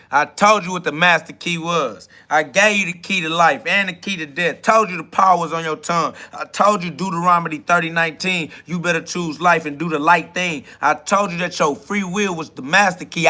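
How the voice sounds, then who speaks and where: A man hosting a podcast, delivering a freewheeling spiritual monologue in street slang, quoting scripture and swinging between loud hype and low murmurs. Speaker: podcast host.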